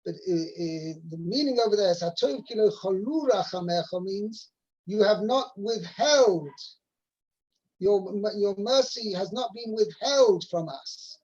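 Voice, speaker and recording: A man teaching a weekly Torah portion over a video call, halting with fillers and restarts as he quotes Hebrew verses. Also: high-pitched, expressive, a little mellow. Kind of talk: explaining a weekly Torah text. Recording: muffled video call audio.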